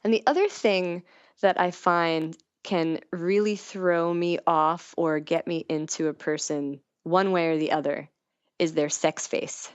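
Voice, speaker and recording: A woman with a fairly low voice chats candidly, giggling through her stories and acting out the dialogue. The sound is dry and close, with a slightly dull, lo-fi quality. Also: steady tone, unhurried, clear, resonant tone, dry recording. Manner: giggly storytelling, acts out quoted dialogue. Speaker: podcast guest. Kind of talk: candid casual chat.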